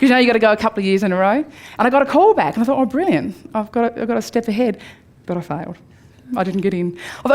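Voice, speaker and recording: An Australian woman in her forties tells a candid personal story to a live audience. Her telling swings from upbeat to hushed. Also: a little high. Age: 40s. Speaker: speaker. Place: room before a live audience.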